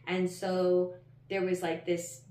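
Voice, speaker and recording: A woman with a somewhat low voice tells her own story as a podcast host, candid and rambling, with plenty of "like" and casual swearing. She sits a bit away from the microphone. The room around her is noticeably echoey. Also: monotone, slow pace, mellow. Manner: candid and rambling, heavy use of "like", frequent swearing. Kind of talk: personal storytelling monologue. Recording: roomy, slightly distant mic.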